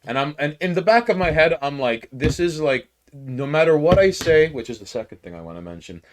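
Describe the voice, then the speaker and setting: A man from New York co-hosting a podcast, telling stories in a profane, animated way with big swings in loudness. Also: a little high, brisk, a crowd in the background. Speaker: podcast co-host. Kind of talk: casual chat, storytelling.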